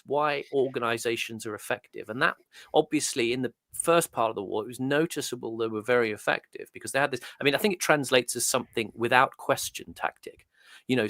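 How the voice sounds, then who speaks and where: A man's voice: mid-range voice, fairly bright tone, no echo, studio quality. A man as a guest, musing at length in thoughtful, rambling commentary with hesitant restarts. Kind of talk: conversational commentary.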